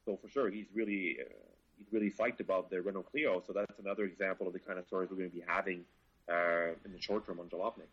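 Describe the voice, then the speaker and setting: A man's voice: deep voice, fairly even intonation, fast, a bit bright, breathy edge, dull audio. A Canadian car reviewer, a man, chatting casually and with enthusiasm, swearing freely. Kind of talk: casual chat.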